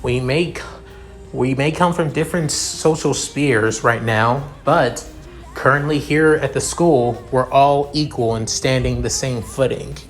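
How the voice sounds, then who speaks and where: A man's voice: mid-range voice, measured pace, faint music behind, lightly acted. A man doing a cool condescending young noble. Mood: calm. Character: haughty young male noble heir.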